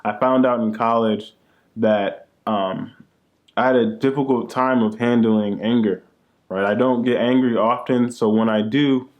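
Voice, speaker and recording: A man's voice: mid-range voice, steady tone, unhurried, lo-fi sound. A young man co-hosting a casual chat with his wife, laid-back and joking, often tagging his lines with "man". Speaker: co-host, husband.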